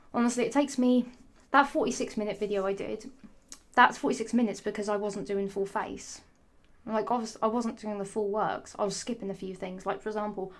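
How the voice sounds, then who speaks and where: A woman vlogger talking to camera in a casual, rambling way, a little hesitant and chatty. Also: medium pitch.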